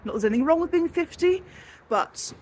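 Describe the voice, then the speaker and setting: A woman's voice: extremely high pitch, lively intonation, a little fast, a little mellow, slight background noise. Chatty southern English woman in her forties. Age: 40s. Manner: chatty, rambling, self-deprecating. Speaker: vlogger. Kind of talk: casual vlog chat. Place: walking outdoors by a river.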